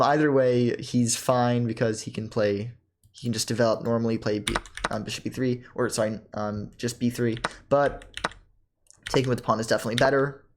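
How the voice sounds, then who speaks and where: A young man casually thinking aloud as he reviews his own chess game, often pausing with ums, correcting himself and laughing softly. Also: mid-range voice, slight background noise. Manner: halting, self-correcting, many ums and laughs.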